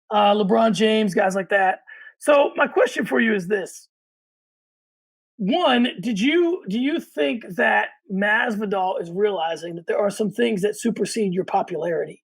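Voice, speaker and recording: Male podcast co-host, high and gravelly, opinionated and runs the show. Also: rough recording. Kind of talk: casual sports chat.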